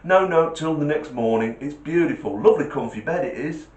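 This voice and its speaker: A man's voice: a little high, expressive, brisk, highs cut off, lightly acted. A man playing a cheerful 87-year-old man in a nursing home, telling a joke. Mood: content. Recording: roomy echo.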